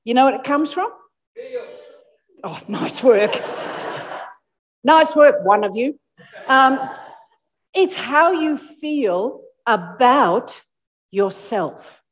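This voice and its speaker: An Australian woman giving a lively motivational talk to a live audience, playfully acting out people's inner voices. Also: on the high side, slow pace, long pauses, a little hiss or hum. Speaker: motivational speaker. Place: large hall with live audience. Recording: echoey hall with long reverb.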